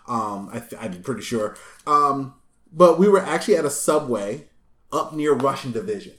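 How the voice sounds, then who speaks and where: A man hosting a casual chat, telling a long story with lively asides and laughs, recorded in his apartment. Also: medium pitch, normal speed. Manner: animated storyteller, acts out voices, laughs often. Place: small apartment room. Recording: echoey room.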